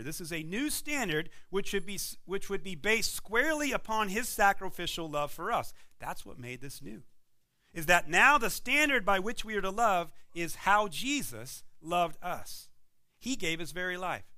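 A man preaching a sermon as pastor, building emphatic points and dropping to quiet moments. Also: high voice. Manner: emphatic preaching with rising and falling intensity.

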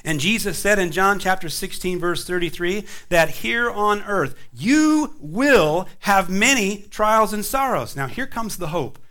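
A man pastor preaching a sermon, swinging between emphatic rises and quiet drops. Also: sits high, animated, a little slow, hardly any pauses.

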